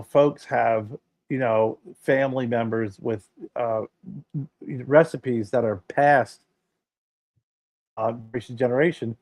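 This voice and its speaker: A man of middling pitch co-hosts a relaxed podcast chat. He tells stories with emphatic energy and swears now and then. The sound is dry and close to the mic. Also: no room sound. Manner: emphatic, animated storytelling with swearing. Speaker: podcast co-host. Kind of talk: casual chat.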